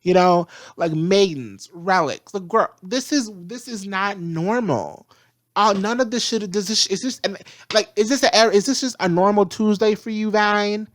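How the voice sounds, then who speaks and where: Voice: mid-range voice, moderate pace. Casual reviewer, heated and profane, keeps circling back to the same rhetorical questions. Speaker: show reviewer.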